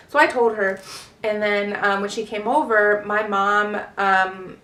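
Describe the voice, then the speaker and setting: A woman's voice: medium pitch, level tone, measured pace, a bit bright, far from the mic. Brief: woman in her 20s, casual storytime vlogger, rambling with fillers, roomy echo, mic set back. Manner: rambling, lots of fillers and swearing.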